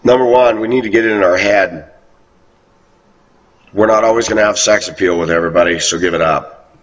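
Low husky guy rambling on, sounds far off the mic. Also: a little fast. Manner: rambling, quotes others in raised voice. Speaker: video blogger. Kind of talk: rambling monologue. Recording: muffled, distant lo-fi recording.

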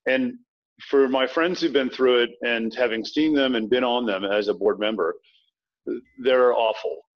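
Quick, restart-prone man on a lo-fi line. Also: medium pitch. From Virginia. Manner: quick, anecdotal, frequent restarts. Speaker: author guest. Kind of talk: casual interview chat. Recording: dull lo-fi sound.

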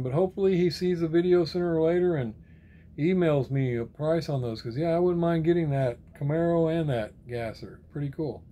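Man, casual rambling chat, reading out viewer comments, slightly high voice, easygoing. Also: warm tone. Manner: laid-back, rambling, reads comment names then answers; repeats friendly sign-offs like "right on, brother". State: sore arm and shoulder.

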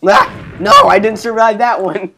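A man's voice: sits high, unhurried, creaky, heavy background noise. A man hosting a game channel, giving casual let's-play commentary and yelping at the game. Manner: excitable, yelps and laughs at the game. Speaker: gaming channel host.

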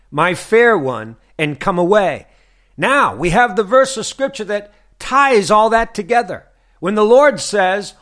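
Man, preacher, fervent sermon, high voice, lively swooping pitch, slow deliberate delivery. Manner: fervent, rhetorical questions to listeners. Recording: broadcast sermon.

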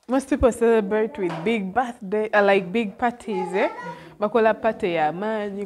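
A young Ugandan woman vlogging at a village school, tearful and laughing as she switches between English and Luganda. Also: mid-range voice. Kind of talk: casual vlog. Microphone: handheld phone.

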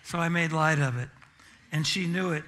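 A man's voice: on the high side, moderate pace, pushed and bright. A pastor preaching a sermon in church and telling a self-deprecating, humorous story about his family.

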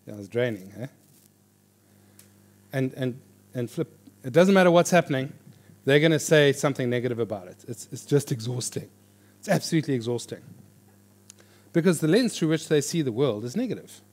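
A man teaching a church class on reading the Bible, in a lively, joking conversational way. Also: medium pitch, brisk. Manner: animated, jokey, with lively quoted voices. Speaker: pastor teaching a Bible course. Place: church hall before an audience.

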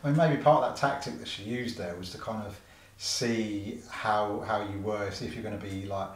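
A man interviewing a guest in a measured, reflective way. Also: fairly low pitch, fairly even intonation, distant mic. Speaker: interviewer, magazine co-founder. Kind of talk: conversational interview. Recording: roomy echo, off-mic, faint noise.

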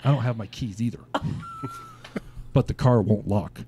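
A man's voice: on the low side, normal speed, dark tone, a little hiss or hum. Laid-back man telling a rowdy story. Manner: laid-back, swears often, laughs while telling. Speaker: podcast guest. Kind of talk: casual storytelling.

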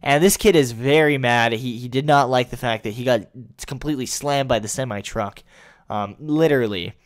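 A young male YouTuber riffing in crude, sarcastic commentary at a middle pitch. He swears freely and bursts into loud mock voices. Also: normal speed. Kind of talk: comedic commentary.

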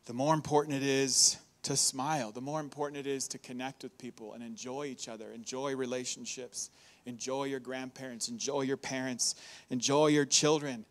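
A man in his thirties preaching a sermon in a church. He is upbeat and animated and laughs often between his points. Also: mid-range voice, moderate pace. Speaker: pastor. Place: church hall.

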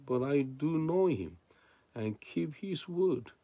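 A man's voice: a little high, animated, slow, warm tone, slightly rough, no room sound. A man preaching a sermon in non-native English, reading scripture and then explaining it with rhetorical questions.

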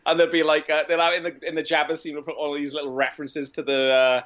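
A man, a guest on a podcast, pitching silly ideas in an animated, profane, joking way. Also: fast. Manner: animated, profane comic storytelling. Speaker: guest filmmaker. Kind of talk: casual podcast chat. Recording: dull lo-fi audio.

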